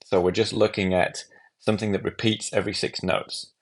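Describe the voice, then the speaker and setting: A man giving a calm, methodical step-by-step walkthrough of a music app. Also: on the low side, brisk. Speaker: app tutorial presenter. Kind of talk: screen-recorded software walkthrough.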